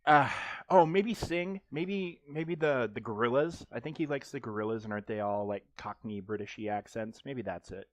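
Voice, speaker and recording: A man's voice: mid-range voice, moderate pace, hardly any pauses, dry recording. A man streaming a mobile game live, chatting casually and joking, rambling with frequent ums and restarts.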